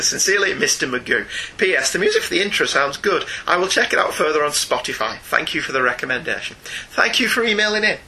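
A man's voice: mid-range voice, sharp tone, a little hiss or hum, low-quality recording. A man co-hosting a comics podcast, reading listener emails aloud in a chatty way and laughing often. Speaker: podcast co-host.

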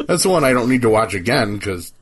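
A man hosting a casual podcast chat over an online call, rambling, animated and swearing freely. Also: mid-range voice, fairly quick, background noise. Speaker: podcast host.

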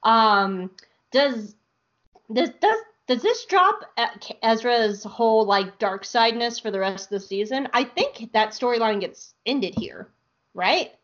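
A woman's voice: fairly high pitch, measured pace, muffled recording. A woman podcast host recapping an episode in casual, joking chat. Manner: animated, joking, irreverent.

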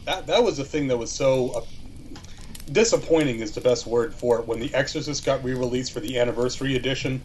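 A man's voice: mid-range voice, brisk, a little mellow, a little hiss or hum, rough recording. A man co-hosting a podcast around a campfire, chatting casually, bluntly exasperated and repeating words as he gets going. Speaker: podcast co-host. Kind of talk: casual chat. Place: outdoors at a campfire.

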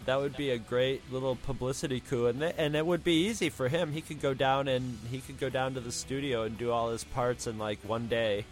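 This man's voice is medium-pitched and fairly even, moving fairly quickly with few pauses. Co-hosting an anime podcast, he chats casually and tells rambling anecdotes, doing folksy drawl impressions along the way.

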